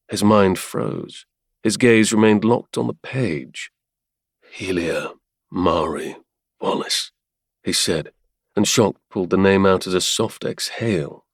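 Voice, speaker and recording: A man narrating a romance audiobook in a measured, even storytelling manner. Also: lowish voice, vocal fry, dry recording, studio quality. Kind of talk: scripted narration.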